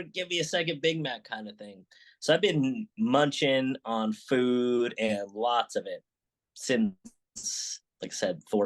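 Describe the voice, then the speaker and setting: A middle-aged man, a restaurant founder, chatting as an interview guest, telling stories with lots of restarts and acted-out quotes. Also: on the low side. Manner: animated storytelling with many restarts and acted quotes. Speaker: sandwich shop founder, guest. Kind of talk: casual interview chat.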